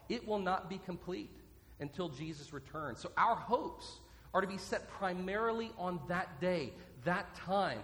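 A man preaching a sermon as pastor, earnest and repeating his key points slowly so listeners can write them down. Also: sits high, fairly bright tone. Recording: long reverb from a large hall.

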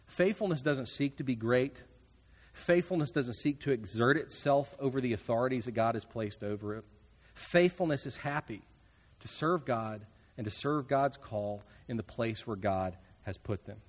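A man preaching a sermon, earnest with casual asides, trailing off softly at the ends of phrases. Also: medium pitch, normal speed, big-room sound. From United States. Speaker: pastor.

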